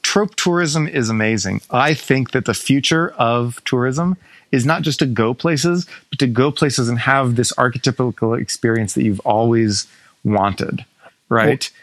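A man hosting a podcast riffs playfully on ideas and jokes as he goes. His voice has an ordinary middle pitch. The sound is dry and close. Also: a little slow, dry recording. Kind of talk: casual podcast chat.

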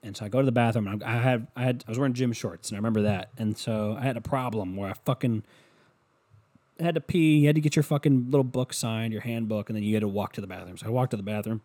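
A young man with a slightly low voice tells a rambling story in casual, foul-mouthed fashion. He mocks himself and keeps it loose and conversational throughout. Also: quick pace, mellow. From Ohio, USA. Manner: profane, rambling, self-mocking.

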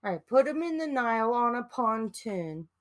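A woman co-hosting a podcast, bantering in an unhurried, teasing way. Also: fairly high pitch, very animated. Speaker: podcast co-host.

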